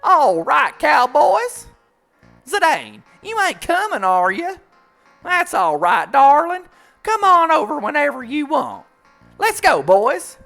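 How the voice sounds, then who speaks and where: A man voicing a sassy Texan woman who runs a theater, with a put-on Texas accent and a high, loud, drawling twang. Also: sing-song, slow, gravelly, faint music behind, full character voice. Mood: flirty. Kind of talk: fan voice acting of a video game.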